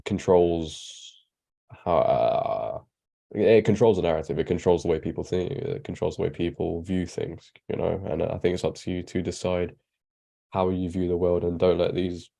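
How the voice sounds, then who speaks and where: A man's voice: low voice, creaky, warm tone. A man, co-hosting a podcast discussion in a blunt, opinionated way. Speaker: podcast co-host. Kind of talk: casual discussion.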